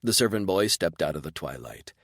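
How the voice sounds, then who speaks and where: A man narrating a first-person sci-fi audiobook in a measured, terse manner. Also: low-pitched, big pitch swings, a bit bright, no room sound, studio quality.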